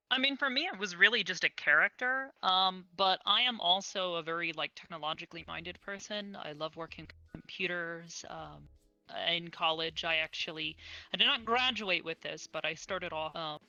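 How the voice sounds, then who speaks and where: A woman's voice: on the low side, normal speed, bright, forceful tone, dry recording, lo-fi sound. A young woman speaking as an interview guest in casual chat, earnest and enthusiastic, on an online voice call.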